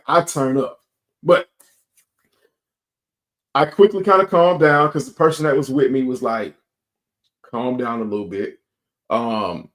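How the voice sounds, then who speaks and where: A young man, telling a profane, animated story as a sneaker channel host and acting out both sides of an argument. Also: medium pitch. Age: young adult. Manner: profane, animated storytelling with quoted back-and-forth. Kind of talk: casual storytime rant.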